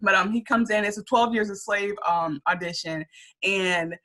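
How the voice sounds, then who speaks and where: A woman co-hosts a casual reaction podcast, retelling scenes with lots of energy and acting them out. Her voice is bright and forward, and she swears freely as she talks. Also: medium pitch, moderate pace. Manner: animated storyteller who acts out scenes, swears freely. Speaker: podcast co-host.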